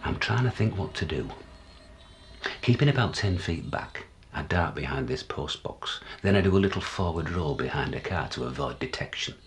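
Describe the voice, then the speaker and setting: A deluded, paranoid older man, played by an actor, speaking low and gravelly. His delivery leaps around in pitch, confiding one moment and shouting the next in this stage monologue. Faint noise sits behind him. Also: animated, moderate pace. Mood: conspiratorial. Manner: confiding, jumpy, swings from hushed to shouting.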